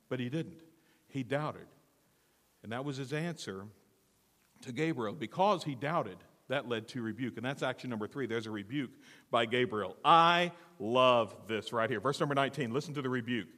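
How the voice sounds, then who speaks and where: A male pastor preaching a theatrical, animated sermon, often questioning the congregation. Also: mid-range voice, normal speed, pauses often, big-room sound.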